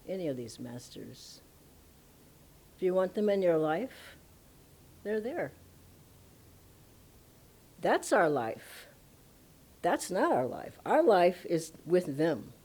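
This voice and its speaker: Woman spiritual teacher, low-pitched, animated storyteller at a satsang. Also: slow, pauses often, breathy edge. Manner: animated, emphatic storytelling, laughs often. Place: ashram satsang hall.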